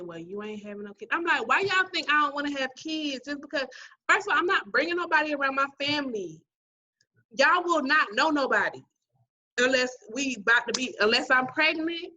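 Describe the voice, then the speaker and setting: A woman's voice: fairly high pitch, muffled recording. A woman co-hosting a podcast in casual chat over a video call, telling stories animatedly and acting out what people said. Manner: animated storytelling, acting out quoted voices. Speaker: podcast co-host. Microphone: remote video call.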